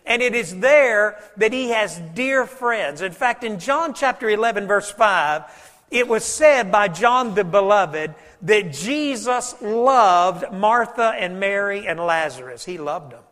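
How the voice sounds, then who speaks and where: A man preaching a sermon, telling folksy stories and dropping his voice low for emphasis. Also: expressive, slow, fairly bright tone, in a large hall. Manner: folksy storytelling preacher, varies volume for emphasis. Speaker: pastor.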